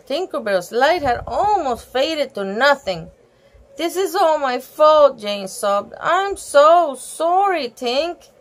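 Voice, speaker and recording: A woman reading a picture book aloud and stopping often to gasp and chat about the pictures. Her voice is high and very lively in pitch. She reads at an unhurried pace. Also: low-quality recording. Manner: animated, gasps and exclaims over the pictures. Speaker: storybook reader.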